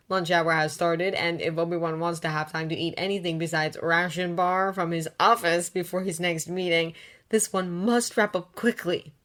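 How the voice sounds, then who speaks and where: A woman narrating fanfiction aloud in a steady, unhurried reading voice. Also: lowish voice.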